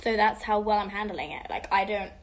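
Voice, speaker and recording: A teen girl answers her fans' questions live from a room at home, moving between Spanish and English in casual conversation and occasionally dropping to a gentle half-whisper. She talks briskly at a medium pitch, and there's a little hiss or hum.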